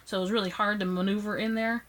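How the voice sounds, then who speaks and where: Young woman, casual storytelling to camera, phone recording, lively voice, mid-pitched. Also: fast talker, low-quality recording. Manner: animated, acts out quoted lines with raised pitch. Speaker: vlogger.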